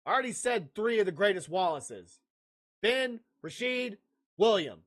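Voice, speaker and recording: A man's voice: high voice, animated, measured pace, pushed and bright. A brash man hosting a sports podcast live, firing off dismissive outbursts at his chat. He rants in a jokey, loose way between team picks. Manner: jokey, laughs at own lines. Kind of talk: livestreamed sports talk, answering chat.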